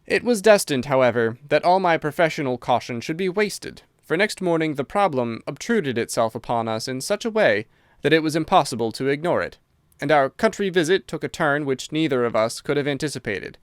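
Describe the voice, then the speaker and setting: A man narrating an audiobook in an even storytelling manner. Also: fairly high pitch, brisk, clean tone, no room sound, studio quality. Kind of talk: scripted narration.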